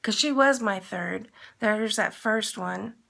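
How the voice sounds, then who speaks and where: Gravelly-voiced woman telling a story. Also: medium pitch, slow pace, bright, forceful tone. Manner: rambling, retells with quoted dialogue. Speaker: vlogger. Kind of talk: casual storytelling.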